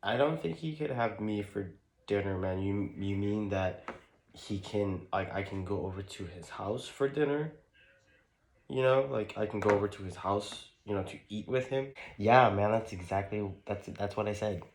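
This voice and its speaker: A man's voice: on the low side, a little mellow, slight background noise, lightly acted. A man playing a pair of young college bros in a skit, trading slangy banter full of "bro" and "man.". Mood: joking banter. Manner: laid-back, drawn-out "bro" and "man" slang.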